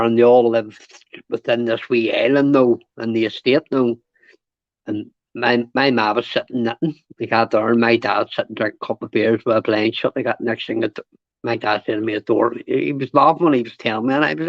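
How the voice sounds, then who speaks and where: A man tells blunt, sweary stories as a guest on a casual podcast. His voice is gravelly. The sound is dry and dull, with a lo-fi quality. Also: mid-range voice, steady tone, brisk, no room sound. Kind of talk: casual storytelling chat.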